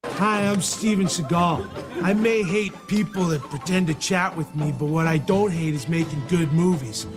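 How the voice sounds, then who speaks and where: A smug action star introduces himself slowly and with self-satisfaction, as a man voices him. His voice sits a little high, and music plays clearly underneath. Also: natural voice.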